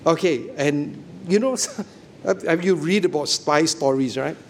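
Middle-aged male preacher, high voice, emphatic, checks in with congregation. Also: unhurried, slight background noise. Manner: emphatic, asks listeners questions often. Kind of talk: sermon.

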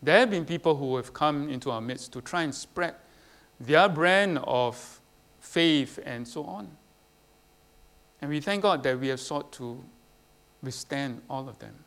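A man's voice: a little high, animated, a little slow, fairly bright tone. A man preaching a sermon, putting questions to the congregation and tagging his points with "right?". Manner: asks the congregation questions, tags lines with "right?". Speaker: pastor.

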